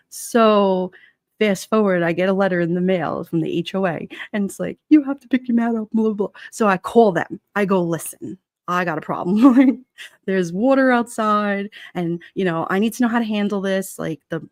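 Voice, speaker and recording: A middle-aged Brooklyn woman with a New York accent and a medium-pitched voice tells a story about a neighbor on a casual livestream. The sound is clean studio quality with no echo. She's animated, laughs often, and acts out the voices of people in the story.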